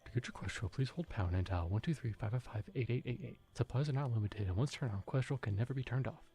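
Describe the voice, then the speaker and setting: A man doing a mock infomercial announcer in a hushed sales-pitch delivery. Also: fast talker, husky, soft background music. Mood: salesy. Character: adult male infomercial announcer.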